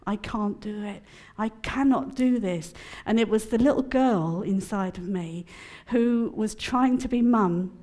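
A woman speaking at a prayer conference, mixing personal testimony with teaching in a chatty, expressive way and laughing often. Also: a little high.

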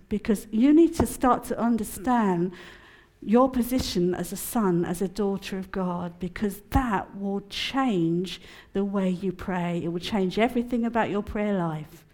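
A woman addresses a prayer conference, swinging between bright laughing storytelling and quieter teaching. Her voice sits at a middle pitch for a woman, and her delivery is lively and conversational. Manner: animated, laughing, chatty storytelling. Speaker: conference speaker. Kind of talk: personal testimony and teaching talk.

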